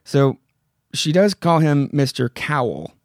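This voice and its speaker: A man's voice: on the high side, big pitch swings, takes it slowly, no echo, studio quality. A man hosting a podcast, casually retelling a horror comic with loose fillers from his home mic. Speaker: podcast host.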